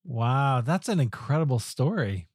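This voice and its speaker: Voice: mid-range voice, big pitch swings, unhurried, a little mellow, slightly rough. An interview host who mostly answers with short, encouraging reactions.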